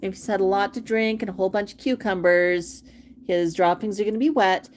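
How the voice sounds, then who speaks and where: A woman's voice: mid-range voice, fairly even intonation, brisk, slight background noise. A woman hosting a livestream about her pet parrot, reading viewer comments and chatting casually about bird care. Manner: sing-song baby talk to her bird, then chatty comment reading. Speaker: pet parrot channel host.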